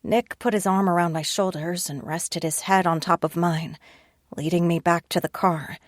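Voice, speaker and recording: Woman narrator, first-person audiobook, lowish voice, wry and tense, dry close recording. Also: fairly even intonation, moderate pace, no echo.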